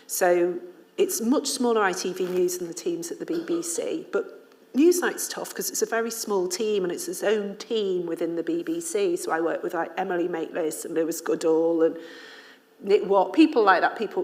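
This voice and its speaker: A woman from Liverpool, an author and journalist speaking candidly to an audience at a public event, telling stories with frequent laughter. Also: on the low side. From Liverpool, England. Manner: candid, animated storyteller who laughs often. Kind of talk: casual talk at a public ideas event.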